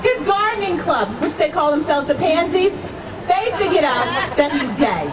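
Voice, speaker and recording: A woman doing stand-up comedy, telling stories with a high voice that jumps all over the place. She is picked up from a distance on a dull, lo-fi club recording. Loud crowd noise and laughter fill the room behind her. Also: moderate pace. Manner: animated storytelling, acts out quoted voices, laughs often. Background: loud audience laughter and room noise.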